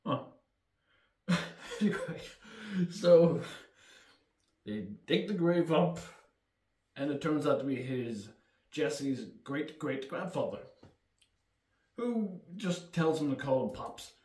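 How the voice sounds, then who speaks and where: A man's voice: a little high, expressive, slow pace, long pauses, a little mellow. List: man, casual movie recap, swears a lot, chuckles, echoey room, mic at a distance. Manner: profane, laughing, rambling storyteller. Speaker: film reviewer.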